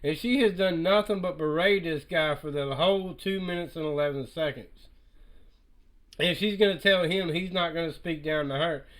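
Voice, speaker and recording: Emphatic high-voiced man commentating. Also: moderate pace, a bit bright, poor audio. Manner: emphatic, repetitive, addresses viewers directly. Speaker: reaction video commentator. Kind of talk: reaction commentary.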